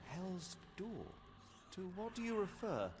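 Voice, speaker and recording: An actor playing a composed, precise detective in a video game, speaking formally and politely. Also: male voice, high-pitched, very animated, slow pace, exaggerated voice. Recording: game audio with noise.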